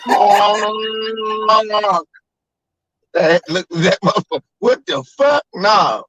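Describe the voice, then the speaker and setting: A man's voice: sits high, drawn-out words, no room sound, pitched above the performer's own voice, heavily acted, poor audio. A man doing a furious cursing father. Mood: outraged. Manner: shouting, profane, outraged. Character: angry middle-aged father chasing off visitors.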